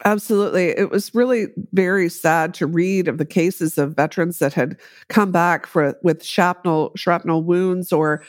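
A middle-aged woman telling a story as an interview guest, measured and explanatory, with frequent fillers. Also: fairly low pitch, dry recording, studio quality. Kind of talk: conversational interview.

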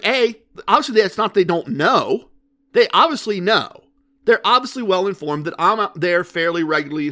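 High-voiced man rambling. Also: bright, forceful tone. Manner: chatty, storytelling with rhetorical questions. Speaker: podcast host. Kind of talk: casual monologue.

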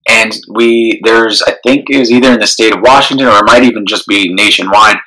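Podcast cohost guy, deep-ish but bright tone, kinda thinks out loud, lots of restarts. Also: fairly even intonation, rough recording. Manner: thoughtful, halting, many restarts. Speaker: podcast co-host. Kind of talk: casual conversation.

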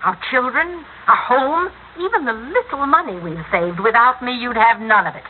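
A woman's voice: fairly high pitch, expressive, moderate pace, close to an everyday voice. An actress playing a domineering, possessive middle-aged wife and mother in an old radio drama, imperious and doting by turns. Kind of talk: 1950s radio acting. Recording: tinny old radio recording, faint hiss.

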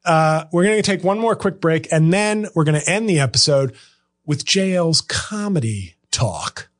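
A man's voice: on the high side, expressive, moderate pace. A comedian hosting his podcast, riffing sarcastically and rambling through hot takes. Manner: sarcastic, rambling, bursts into impressions.

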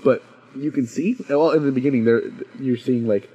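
A young man in casual chat, retelling a story with excitement and acting out the characters. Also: mid-range voice, normal speed, slightly rough. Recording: dull lo-fi recording.

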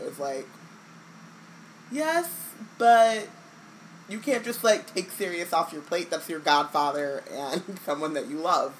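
A young woman co-hosting a casual chat podcast, talking fast and animated with lots of "like" and playful put-on voices. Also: fairly low pitch, low-quality recording. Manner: animated, lots of "like", acts out characters in silly voices. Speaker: podcast co-host. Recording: faint background noise.

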